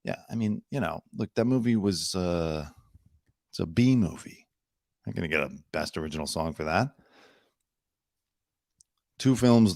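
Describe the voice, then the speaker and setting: A man's voice: deep voice, darkish tone, no room sound, clean studio sound. A man hosting his own news commentary show, chatty and opinionated with sarcastic asides. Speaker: host.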